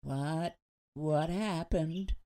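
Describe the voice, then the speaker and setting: A woman's voice: low voice, very slow, mellow, full character voice. A woman voicing a bewildered, anxious mother who insists on what she saw. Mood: puzzled. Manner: puzzled, insistent.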